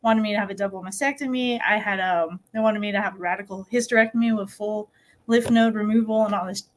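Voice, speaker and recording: This middle-aged woman from New Mexico talks fast in a steady, medium-pitched voice, with slight background noise. As a podcast guest and dirt bike rider, she recounts her story in an easygoing, cheerful way, frequently laughing.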